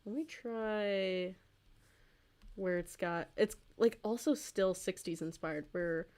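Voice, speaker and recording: A young woman in her twenties talks casually on a drawing livestream. Her voice sits at a middle pitch, and she rambles along with plenty of ums and detours. She is quick to find things funny. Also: a little mellow. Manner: rambling, lots of fillers, easily amused. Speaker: streamer and artist.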